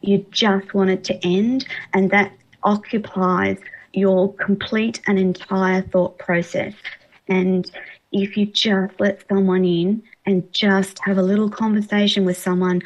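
Female radio host, encouraging and emphatic, mid pitch, slightly muffled recording. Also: flat delivery, a little slow. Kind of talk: radio interview.

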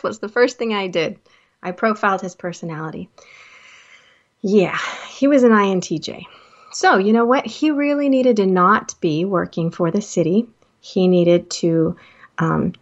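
A middle-aged woman, a life coach, telling stories from her work in a casual talk, acting out the dialogue with excited jumps in pitch. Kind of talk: personal storytelling talk. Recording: slightly dull lo-fi audio.

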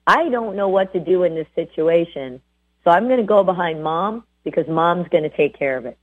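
A woman's voice: fairly low pitch, expressive, normal speed. A woman voicing a puzzled dog that thinks aloud to itself in a plain, earnest way. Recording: tinny phone-like sound.

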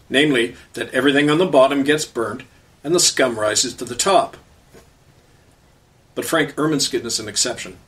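Casting: male commentator and storyteller, biting and sarcastic, mid-pitch voice, a step back from the mic. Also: moderate pace, fairly bright tone, far from the mic. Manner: sarcastic, polemical. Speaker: pastor and show host.

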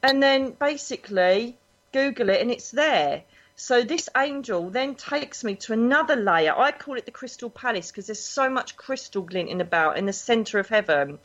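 A woman, a psychic guest telling stories in a chatty, animated way. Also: on the high side, moderate pace. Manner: animated, chatty, acts out voices in her anecdotes. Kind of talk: casual storytelling interview. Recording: dull lo-fi recording.

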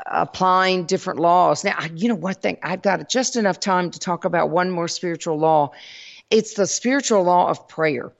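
A woman's voice: lowish voice, vocal fry. A woman with a Southern US accent hosting a spiritual teaching talk, folksy and calling her listeners y'all. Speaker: host. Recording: dull lo-fi recording.

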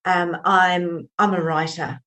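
A woman, a writer, hosting an interview in a reflective, measured way. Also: lowish voice, little pitch movement, sharp tone. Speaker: host, writer. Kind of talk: casual interview chat.

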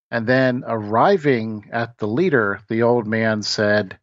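A man hosting a talk show, telling a parable in a relaxed, conversational way with everyday fillers, then reflecting on its meaning. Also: mid-range voice, unhurried, hardly any pauses, no echo. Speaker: podcast host. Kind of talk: storytelling and reflection. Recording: dull, dry lo-fi recording.

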